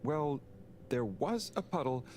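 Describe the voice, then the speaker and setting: An actor playing a gentle, awkward young man in a video game, hesitant and polite, with frequent sneezes. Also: mid-range voice, very animated, slow pace, slight background noise. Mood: mild.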